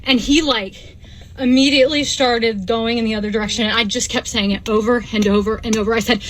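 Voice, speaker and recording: A woman with a fairly high voice tells a story to camera about something that happened to her. She is emphatic and indignant and keeps repeating her points. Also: fairly quick, fairly bright tone, low-quality recording. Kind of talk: recounting a personal story to camera.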